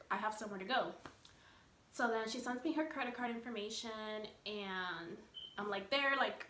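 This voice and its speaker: A young woman vlogger tells a story straight to camera, voicing each person she quotes. Her voice sits a little high and bounces around, with "like" filling her sentences. The room gives her voice a noticeable echo. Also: a little hiss or hum. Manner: animated retelling, acting out quoted people, many "like" fillers. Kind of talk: storytime vlog. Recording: echoey room.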